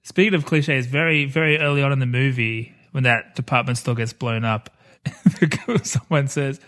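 A man's voice: mid-range voice, steady tone, normal speed, fairly bright tone. Laughing, rambling podcast co-host man. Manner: laughs often, rambling and enthusiastic. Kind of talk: casual chat about a film.

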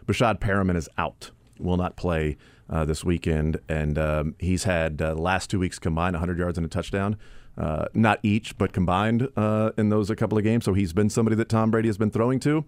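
A man hosts a sports talk radio show, working through game analysis in a relaxed conversational way with plenty of fillers. His voice sits on the low side, and it is recorded close on a dry studio mic. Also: normal speed, clear, resonant tone, dry recording. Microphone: studio broadcast mic.

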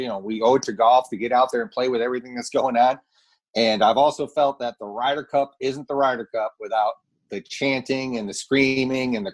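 A man who is a golf pro, guesting on a sports radio talk show and thinking aloud with frequent restarts as he weighs both sides. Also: mid-range voice.

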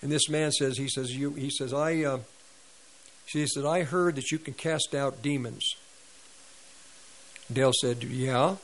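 A man's voice: medium pitch, steady tone, measured pace, long pauses, rough recording. A man preaching on a radio ministry, retelling a story with quoted dialogue and sound effects. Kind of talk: sermon storytelling.

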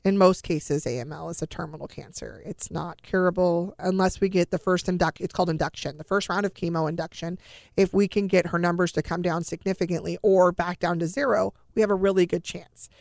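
A middle-aged woman speaks as an interview guest, telling a personal story in a plain, earnest, conversational way. Her voice is gravelly, with a lot of fry. The sound is close and dry, with no room around it. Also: lowish voice, fairly even intonation, a little fast, darkish tone, dry recording. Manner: earnest, conversational, often repeating words. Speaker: guest, bereaved mother.

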